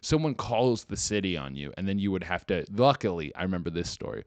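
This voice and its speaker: A young man rants through a comedic podcast monologue, his fairly low voice swinging widely in pitch as he rambles and swears. The sound is dry and close. He slips now and then into mocking voices. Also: sing-song, fairly quick, dry recording. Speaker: podcast host.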